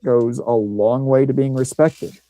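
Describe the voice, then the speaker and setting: Mellow-voiced man telling rambling stories. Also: mid-range voice, fairly even intonation, unhurried, low-quality recording. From Missouri, USA. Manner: rambling storyteller with restarts. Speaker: podcast host. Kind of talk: casual chat.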